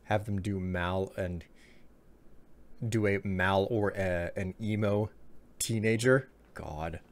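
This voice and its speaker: Man, live streamer, casual rambling chat, jokey, fairly low voice. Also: fairly even intonation, slow. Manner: rambling, joking, reads chat aloud.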